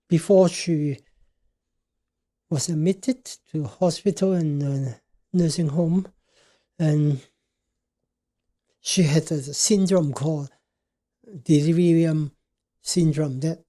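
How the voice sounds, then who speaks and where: An older man as a podcast guest, telling a personal story in a halting way, searching for words. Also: a little high, warm tone.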